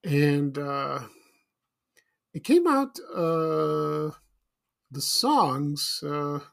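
A man's voice: a little high, very animated, very slow, creaky. A middle-aged man from Chicago hosting a casual solo podcast, rambling and nostalgic with many fillers and restarts. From Chicago, USA. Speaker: podcast host.

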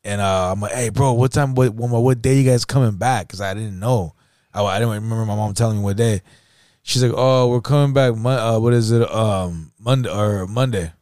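A man's voice: fairly low pitch, normal speed, darkish tone, dry recording, clean studio sound. A young man, telling a profane, laughing story in casual chat and acting out the quotes. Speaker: podcast host.

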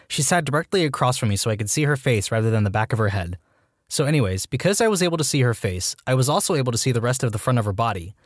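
A man's voice: medium pitch, lively intonation, fast, dry recording, clean studio sound. A man reading out a string of short anonymous school stories as scripted narration, matter-of-fact with wry asides.

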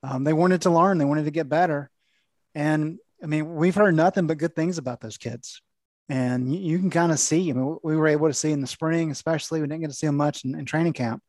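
Higher-voiced measured male reporter. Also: a little mellow, no echo. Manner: measured, thoughtful explainer. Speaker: veteran sports reporter. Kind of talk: casual sports analysis.

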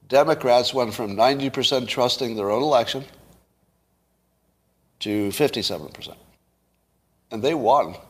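A man's voice: mid-range voice, slightly rough. Sarcastic man talking politics solo. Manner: sarcastic, asks the audience rhetorical questions, laughs at his own points. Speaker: commentator. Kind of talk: solo political commentary to camera.

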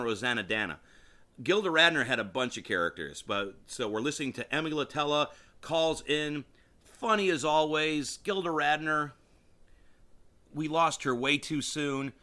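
A man talks on his own podcast in a loose, enthusiastic ramble. His voice is bright and forward, and he often breaks off mid-sentence to start over. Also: medium pitch. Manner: rambling and enthusiastic, with frequent restarts. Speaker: podcast host. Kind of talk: casual solo podcast commentary.

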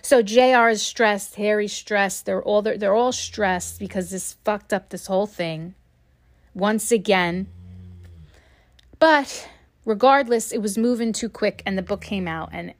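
A woman's voice: mid-range voice, measured pace. A woman hosting a casual commentary podcast from home, blunt and heavily profane, talking straight to her listeners. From United States. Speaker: podcast host.

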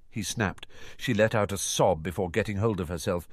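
A man's voice: sits low, normal speed, no room sound. A man narrating a fan fiction audiobook expressively, voicing every character himself. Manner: expressive, performs all the characters. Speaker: audiobook reader.

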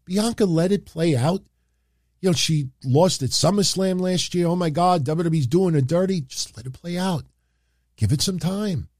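On a livestream, a wrestling commentary streamer with a New York accent rambles through opinionated wrestling talk, leaning on many filler phrases. His voice is high and a little mellow at a normal speed, captured dry at studio quality.

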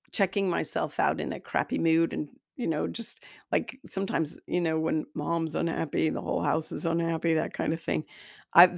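A woman's voice: on the low side, creaky, no room sound, studio quality. A woman hosting a self-help talk as an energy healer, speaking in a candid, conversational and self-deprecating way. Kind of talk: spoken self-help monologue.

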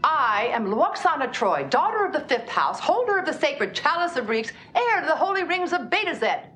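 A woman's voice: sits high, big pitch swings, moderate pace, fairly bright tone, soft background music, pitched above the performer's own voice. A woman putting on a grand alien noblewoman. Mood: grandiose. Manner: lofty, sing-song proclamation. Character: grand, theatrical alien noblewoman, self-important.

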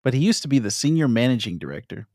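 A man hosting a gaming podcast, relaxed as he reads news items and riffs on them. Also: medium pitch, rapid-fire, no echo, clean studio sound. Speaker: podcast host reading news segments. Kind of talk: casual news chat.

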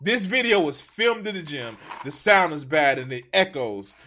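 A man streaming live, reacting to videos with loose, profane, excitable commentary that keeps tipping into giggles. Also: fairly high pitch, normal speed, slight background noise. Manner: excitable, swearing, breaks into giggles.

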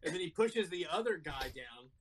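Bright, high-voiced man chatting. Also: animated, moderate pace, a little hiss or hum. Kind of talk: casual chat.

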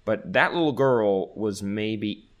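A man co-hosting a podcast in casual chat, animated and quick to jump up in pitch when excited. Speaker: podcast co-host.

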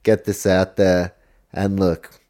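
A man's voice: low voice, monotone, slow, a little mellow. A man hosting a casual solo podcast, rambling off on tangents, correcting himself and swearing now and then. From New Zealand. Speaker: podcast host.

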